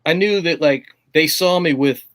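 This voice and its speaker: A man's voice: fairly high pitch, normal speed, a bit bright. A middle-aged man, a drummer, telling stories in a casual chat, swearing often and filling every line with "like" and "you know". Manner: profane, rambling, full of "like" and "you know". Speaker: drummer guest.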